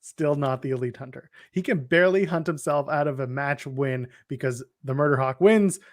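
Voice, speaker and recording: A man chatting casually as a podcast co-host, rambling through wrestling recaps with wry jokes. His voice sits slightly on the high side for a man. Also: normal speed, no room sound, studio quality.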